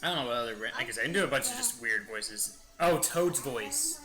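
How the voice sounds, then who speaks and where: A man's voice: mid-range voice, lively intonation, racing, rough recording. A young man giving casual gameplay commentary, playful and rambling as he tries out silly voices. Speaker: gaming YouTuber.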